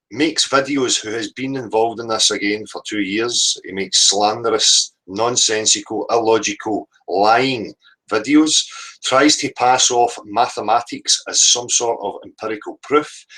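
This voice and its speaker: A man's voice: medium pitch, bright, forceful tone, rough recording. A man hosting a livestream, combative and sweary, repeatedly asking "right?" as he rants. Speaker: livestream host. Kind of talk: heated livestream rant.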